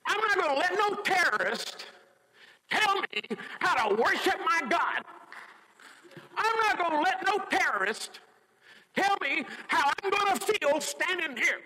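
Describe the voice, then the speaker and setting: A man's voice: extremely high pitch, very animated, pushed and bright, big-room sound, voice pushed up, exaggerated voice, low-quality recording. A man doing a fervent preaching mama. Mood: defiant. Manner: slow, emphatic, rising preacher cadence. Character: fervent grieving mother preaching, defiant.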